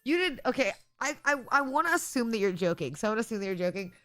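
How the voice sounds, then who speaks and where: A woman's voice: fairly high pitch, very animated, fast, a bit bright. Giggly woman streamer chatting. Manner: giggly, rambling, sarcastic. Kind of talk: casual live-stream chat.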